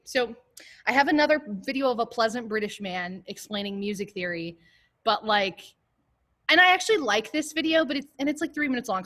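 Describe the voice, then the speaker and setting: A woman leading an online choir class and warm-ups, talking casually and jokily with lots of fillers over a video call. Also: mid-range voice. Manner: casual, joking, chatty with many fillers.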